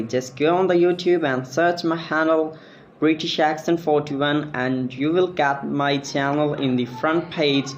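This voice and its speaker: A man teaching pronunciation. He repeats each word slowly and corrects the mistakes he hears. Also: a little high. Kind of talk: slow word-by-word pronunciation drill.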